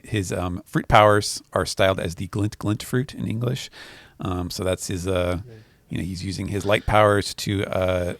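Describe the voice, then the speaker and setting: A man co-hosting a podcast, recapping a comic chapter in a relaxed way, with laughing asides and acted-out quotes. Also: low voice, no echo, studio quality. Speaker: podcast co-host.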